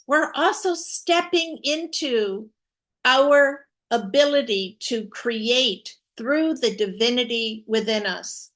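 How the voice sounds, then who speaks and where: A woman's voice: fairly high pitch, animated, takes it slowly, a bit bright. A woman co-hosting a live spiritual talk show, teaching in an earnest way with emphatic repetition. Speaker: co-host.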